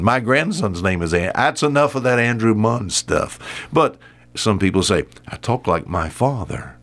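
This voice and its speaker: Older preacher man, folksy and emphatic. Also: on the low side. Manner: folksy, repetitive, rising to emphatic shouts on key words. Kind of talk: sermon.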